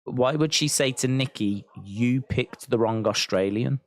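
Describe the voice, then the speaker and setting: A man hosting a live watch-along stream, chatting, reading viewer comments aloud and thinking out loud with many restarts. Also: mid-range voice, a little slow, dry recording, studio quality. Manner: rambling, thinking aloud, reads chat comments. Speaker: wrestling watch-along host. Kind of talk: live-stream reaction chat.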